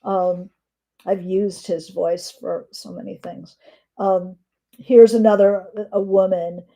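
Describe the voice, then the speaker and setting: Middle-aged lady teaching writing on a livestream, slow and mellow, lots of ums between notes. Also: mid-range voice. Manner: reads descriptive notes aloud with frequent um pauses. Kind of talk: live-streamed writing lesson.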